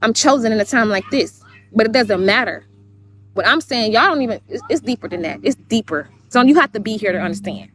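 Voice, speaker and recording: A woman's voice: fairly high pitch, lively intonation, brisk, fairly bright tone, slight background noise. A woman on a livestream, telling a long story in a rambling way, cursing and repeating herself. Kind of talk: heated livestream monologue.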